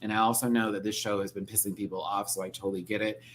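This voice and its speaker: A man's voice: fairly low pitch, little pitch movement, quick pace, fairly bright tone, slight background noise. A man hosting a casual live review stream, rambling playfully with frequent laughter and theatrical reactions.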